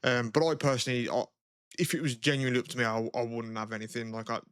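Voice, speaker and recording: A man's voice: mid-range voice, flat delivery, quick pace, fairly bright tone, clean tone, no room sound, studio quality. A man co-hosting a podcast in casual chat, rambling, with a lot of "like" and swearing. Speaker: podcast co-host.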